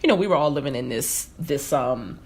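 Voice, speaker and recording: With a rumbling low, husky voice and a slightly fast pace, this woman from the United States hosts a podcast, telling stories casually. She's an animated storyteller who acts out quotes and laughs a lot.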